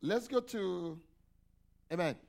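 Slightly high-voiced preacher quizzing his flock. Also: takes it slowly, vocal fry, a little mellow. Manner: call-and-response questions to the congregation; frequent hallelujahs and amens. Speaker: pastor. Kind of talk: sermon.

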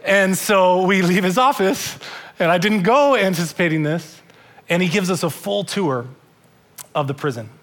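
High-voiced male pastor preaching earnestly. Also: moderate pace, fairly bright tone. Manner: earnest, repeats and restarts words. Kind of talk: sermon. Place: church.

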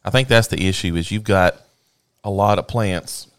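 A man's voice: sits low, normal speed, clean tone, no room sound. A man with a Southern US accent, co-hosting a plant channel, chatting casually and teasing with a laugh. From American South. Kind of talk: casual chat.

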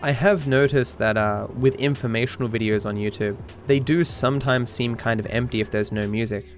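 A man's voice: mid-range voice, fairly even intonation, brisk. A man rambling casually as a streamer, swearing freely and often restarting his sentences. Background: faint chill hop music.

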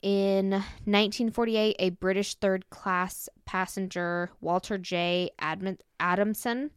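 A woman's voice: mid-range voice, fairly even intonation, a little slow, smooth, no echo, studio quality. A young woman hosting a podcast, reading ghost stories in a chatty, giggly way with lots of fillers. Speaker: podcast host.

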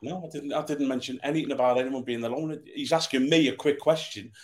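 A man's voice: steady tone, fast, a little mellow. A middle-aged man, a former footballer, answering quiz questions bluntly and with laddish humour. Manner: blunt, low-key, laddish. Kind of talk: casual chat.

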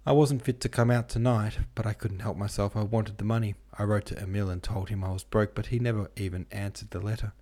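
In this audiobook, a man with a low voice reads a poor, sickly young woman who answers sullenly and pleads through tears. The voice is lifted a little above his own deep reading tone. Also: steady tone, quick pace, hardly any pauses, warm tone, natural voice. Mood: sullen, tearful. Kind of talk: audiobook character voice.

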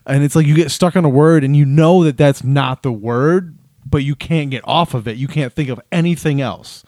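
Man, comedy podcast co-host, casual riffing, slightly high pitch, dry close mic. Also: moderate pace, a little mellow, dry recording. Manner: laughing, riffing, acting out quotes. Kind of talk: casual banter.

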